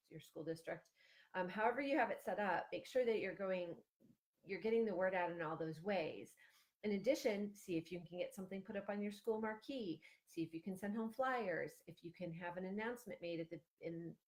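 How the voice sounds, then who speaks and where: A woman's voice: fairly low pitch, gravelly, a little mellow. A woman in her thirties from Ohio, giving chatty parent-group advice on a livestream, with lots of fillers and restarts. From Ohio, USA. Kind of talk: casual livestream advice talk.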